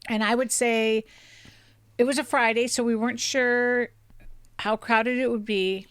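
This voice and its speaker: A woman's voice: on the high side, steady tone, measured pace, clean tone, no echo, clean studio sound. A young woman co-hosting a podcast, chatting casually and rambling with fillers and restarts. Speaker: podcast co-host. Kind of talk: casual chat.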